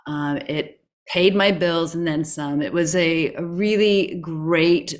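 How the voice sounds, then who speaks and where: A woman who is a podcast guest, telling a personal story in an expressive way, with frequent restarts and self-corrections. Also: slow. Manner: expressive, with sudden rises in pitch when recounting stress.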